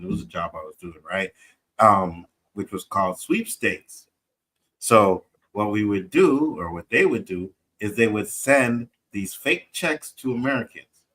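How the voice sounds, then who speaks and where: A man's voice: fairly low pitch, animated, normal speed, a bit bright, husky, poor audio. A man co-hosting a casual panel chat, telling a personal story and often checking in with "right?". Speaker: podcast co-host.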